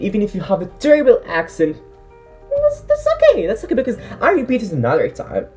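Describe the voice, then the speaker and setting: A woman with a very deep, mellow voice, whose first language is Arabic, gives casual vlog advice. Her pitch moves about with lively ups and downs. She sounds earnest and encouraging, with plenty of fillers and restarts, over faint background music. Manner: earnest, encouraging, many fillers and self-corrections. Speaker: English-learning vlogger.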